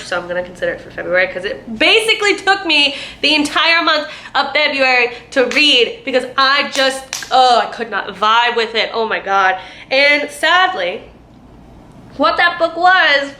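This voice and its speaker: A young woman chats about books she has read, rambling with lots of fillers and acting out quotes. Her voice is bright and sits a bit high. The room is echoey, with faint noise behind her. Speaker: booktuber. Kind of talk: casual book review.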